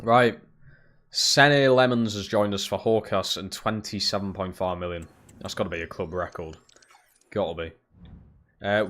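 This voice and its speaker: A man's voice: lowish voice, normal speed, pauses often, a bit bright. A young man live-streaming a football game, swearing freely and chatting back to his viewers. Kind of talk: casual live-stream chat while gaming.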